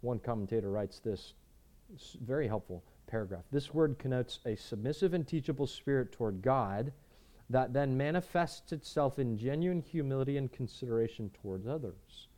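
A man preaching a sermon, earnest, repeating words and moving between emphatic lines and quiet ones. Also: mid-range voice, expressive, normal speed. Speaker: pastor.

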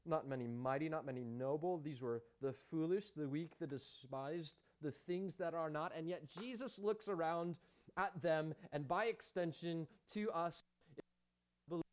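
A man's voice: a little high, darkish tone. A man preaching a sermon as pastor, emphatic, with rhetorical questions and chatty asides to the congregation.

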